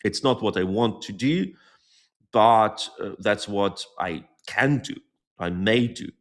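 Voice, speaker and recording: A man answering in a conversational interview, earnest and outspoken, often pausing to search for his words. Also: fairly low pitch. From born near Moscow, Soviet Union. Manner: outspoken and blunt. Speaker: guest volunteer.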